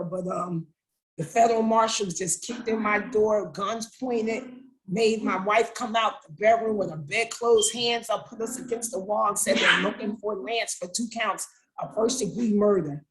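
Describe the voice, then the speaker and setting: A woman's voice: medium pitch, normal speed, low-quality recording. A middle-aged woman, the mother of an incarcerated son, telling her story as an interview guest and acting out the dialogue with feeling. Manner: animated retelling, acting out dialogue. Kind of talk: emotional personal storytelling.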